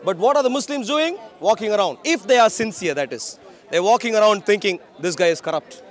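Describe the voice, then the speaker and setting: High-voiced confrontational male street preacher. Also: expressive, a little fast. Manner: loud, projecting, confrontational. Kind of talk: open-air street preaching and debate. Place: outdoors on a city street.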